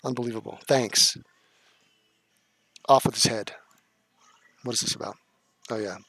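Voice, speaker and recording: A male streamer talks through clips in a sarcastic, mocking way and swears freely. His voice sits at an ordinary middle pitch. The sound is dry and close, with almost no room. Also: steady tone, unhurried, sharp tone, breathy edge, no echo. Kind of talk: casual live-stream commentary.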